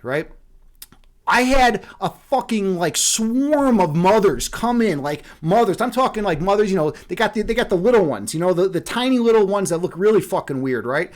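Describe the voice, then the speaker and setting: Man on a livestream, high voice, rambling, swearing, chuckling at himself. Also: lively intonation, brisk. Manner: rambling and profane, laughs at his own jokes. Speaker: livestream host. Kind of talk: casual livestream monologue.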